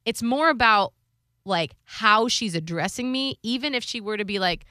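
Woman radio host, thirties, chatty, bright voice, dry close sound. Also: a little high, animated, normal speed, no echo. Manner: chatty storytelling, lots of "like". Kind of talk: casual chat.

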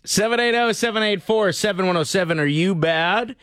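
A man's voice: high-pitched, brisk, fairly bright tone, no room sound, clean studio sound. A man co-hosting a casual radio show, laid-back and chummy, often chuckling. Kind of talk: casual morning radio banter.

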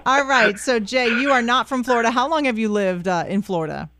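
A woman co-hosting a morning radio show, chatting quickly and laughing often. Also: on the high side, a bit bright, no room sound. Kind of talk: casual radio banter.

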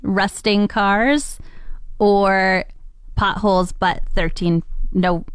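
A woman's voice: medium pitch, steady tone, extremely slow, smooth, dry recording, clean studio sound. A woman co-hosting a morning radio show, chatting in a teasing way and telling little stories in casual banter. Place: radio studio.

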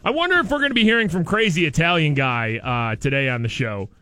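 A bright, high-voiced male radio host. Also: animated, quick pace, no echo. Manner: jokey, riffs and repeats punchlines. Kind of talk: morning radio banter and news reading. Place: radio studio.

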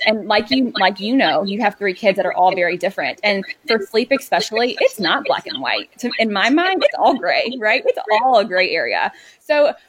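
A woman sleep coach talks quickly and earnestly in a relaxed chat. Her pitch sits in the middle for a woman, and she leans on "like" fillers as she explains. Her speech runs along in long strings. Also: dry recording. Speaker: sleep consultant. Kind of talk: casual chat.

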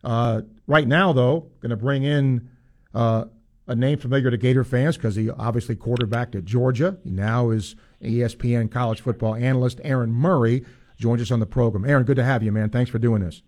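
A man's voice: mid-range voice, fairly even intonation, brisk, darkish tone. A man hosting a sports talk radio show, talking conversationally with fillers.

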